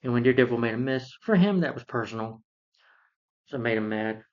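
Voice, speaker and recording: A man's voice: mid-range voice, expressive, a little fast. A man recapping a film plot in a casual, rambling way, with many fillers and restarts. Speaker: film reviewer. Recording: dull lo-fi sound.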